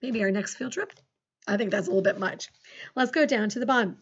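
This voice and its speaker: A woman teaches a recorded phonics lesson to second graders, encouraging them and dictating sentences slowly, her voice swinging widely. Her pitch is medium and slightly rough, and the sound is lo-fi.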